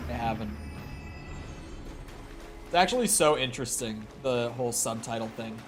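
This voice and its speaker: A man's voice: medium pitch, animated, moderate pace, over music. A man chatting casually with viewers during a live gaming stream, rambling and swearing freely. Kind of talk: casual live-stream chat while playing.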